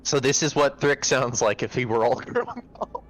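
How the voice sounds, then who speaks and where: A man at a tabletop game, explaining things in halting, restarting sentences. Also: mid-range voice, big pitch swings, a bit bright. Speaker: player.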